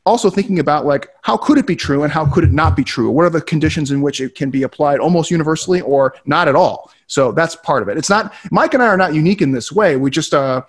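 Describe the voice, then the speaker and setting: A man co-hosting a casual webinar, talking quickly and animatedly and swearing freely. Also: a little high, slightly rough. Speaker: co-host.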